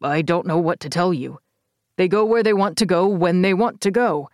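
An unflappable male henchman, voiced by a woman narrator who answers in an even, deadpan tone. His speech is low-key and blunt, never raised. Close, dry audiobook sound. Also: moderate pace, dry recording, close to an everyday voice. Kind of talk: audiobook character voice.

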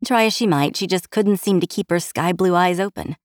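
A woman narrating an audiobook with steady, even storytelling. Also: fairly low pitch, fairly quick, dry recording, clean studio sound.

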